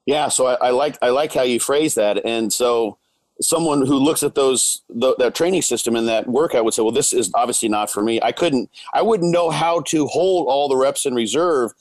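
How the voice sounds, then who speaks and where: Man talking calmly, stops and restarts a lot, mid pitch, dry sound. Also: dry recording, low-quality recording. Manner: measured, hesitant, restarts words. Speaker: guest, coach. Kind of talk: casual discussion.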